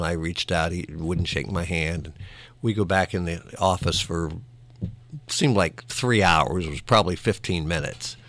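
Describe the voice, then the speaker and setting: Low-voiced man telling radio stories. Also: vocal fry, fairly bright tone. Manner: self-deprecating, laughs often, repeats words. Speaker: former morning radio host. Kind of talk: conversational storytelling.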